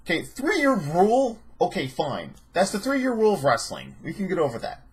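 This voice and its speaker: A man's voice: sits high, wildly swooping pitch, moderate pace, slightly rough. A man hosting a casual vlog who rambles with profane sarcasm. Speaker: host.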